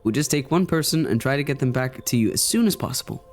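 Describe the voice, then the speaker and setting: A man reading a brisk official agent. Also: mid-range voice, animated, soft background music, close to an everyday voice.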